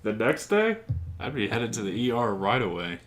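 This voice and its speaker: A man's voice: on the low side, sing-song, normal speed. A man in casual chat, chiming in with short questions, quips and laughs. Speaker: podcast co-host.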